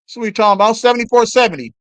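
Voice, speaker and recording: A man calling a basketball game live as a fan on a stream, swearing and yelling at the players between play-by-play. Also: extremely high pitch, racing, no echo. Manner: excited, profane trash talk at players. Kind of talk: fan play-by-play watch-along.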